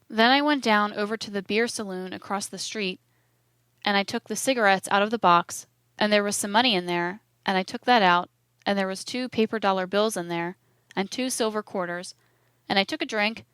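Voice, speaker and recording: A woman narrating an audiobook of court testimony in a measured, even manner, reading the quotation marks aloud. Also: medium pitch, smooth, dry recording.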